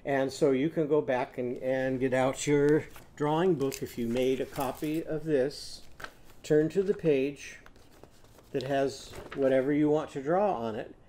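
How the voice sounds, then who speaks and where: A man teaching a phonics lesson to young children, patient and clear, leading sing-along sound games. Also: mid-range voice, measured pace, warm tone, slight background noise. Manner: sings call-and-response animal sounds.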